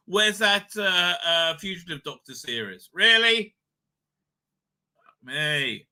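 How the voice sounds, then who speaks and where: A man hosts a casual live stream in a high, piercingly bright voice. He rambles, swears freely and stumbles over stammered fillers.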